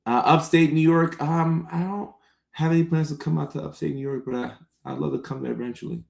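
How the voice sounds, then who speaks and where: A man hosting a live stream, chatting casually with viewers and reading their comments aloud, relaxed and laughing often. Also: fairly high pitch, fairly quick, gravelly, echoey room.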